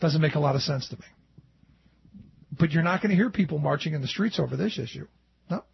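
A man hosting a political talk show, animated and sarcastic, often mocking others in a put-on voice. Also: fairly high pitch, fast, creaky, breathy edge, dry recording. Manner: animated and sarcastic, mimicking opponents in quotes. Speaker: talk radio host. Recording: dull lo-fi dry studio sound.

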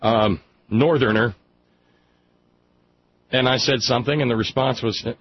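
A man's voice: mid-range voice, fairly even intonation, unhurried, pauses often, slight background noise. A man with a Southern accent hosting a radio call-in show, talking in a wry, rambling way with many restarts. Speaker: radio talk show host. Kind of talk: casual call-in chat. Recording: slightly muffled radio broadcast.

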